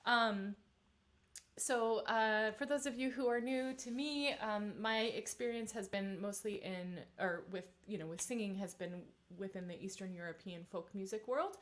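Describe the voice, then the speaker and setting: A vocal coach in her thirties leads a singing warm-up on a live stream, chatty and encouraging, with plenty of fillers. Her voice is mid-range and her pace a little slow.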